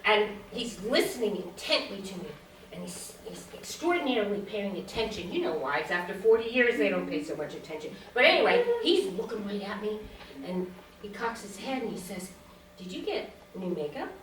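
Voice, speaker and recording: A woman in her sixties delivers stand-up on a small stage with a mid-range voice, lively intonation, and a slightly fast pace. She tells stories, voices the characters, and laughs at her jokes; the sound is roomy and distant, with slight background noise.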